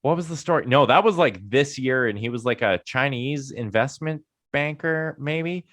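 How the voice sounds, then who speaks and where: A man co-hosting a podcast, joking around, laughing and swearing in relaxed chat. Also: medium pitch, moderate pace, no echo, clean studio sound. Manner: joking, profane, laughs often. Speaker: podcast co-host.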